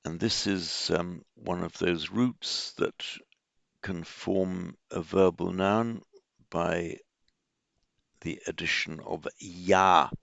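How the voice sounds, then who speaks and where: A man giving an informal lecture on Buddhist texts, explaining word roots slowly with many fillers and restarts. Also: sits low, steady tone, vocal fry, fairly bright tone, no room sound. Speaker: teacher of Pali and Buddhist texts. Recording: dull, muffled lo-fi sound.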